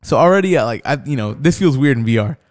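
A man's voice: mid-range voice, lively intonation, fast talker, darkish tone. Rambling man telling a story. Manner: rambling, filler-heavy, crude. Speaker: podcast co-host. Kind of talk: casual storytelling chat.

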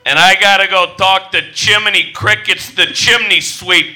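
A man's voice: sits high, steady tone, a little slow, bright, forceful tone, heavily acted. A man playing a lovesick butler in a melodramatic, put-on posh manner, in a comedy audio skit. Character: dramatic, lovesick male butler.

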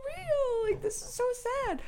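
A woman's voice: expressive, measured pace, a little mellow. A small, forsaken stuffed rabbit cries out about being left behind, as a woman puts it on. The voice jumps far above her usual register and wails in a melodramatic, self-pitying way, like a storybook toy feeling sorry for itself. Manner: high, wailing and melodramatic.

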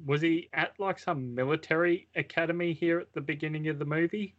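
A man's voice: on the high side, a little fast, few pauses, fairly bright tone, lo-fi sound. A man co-hosting a casual podcast, chiming in with short, agreeable replies about a film. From Australia. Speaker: podcast co-host. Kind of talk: casual movie review chat.

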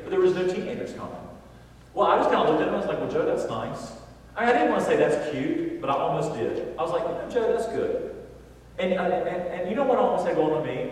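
Preacher booming in an echoey hall. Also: male voice. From Southern United States. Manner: animated storytelling, builds to loud emphatic points. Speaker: pastor. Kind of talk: sermon. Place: large church sanctuary. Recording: echoey church hall from far off.

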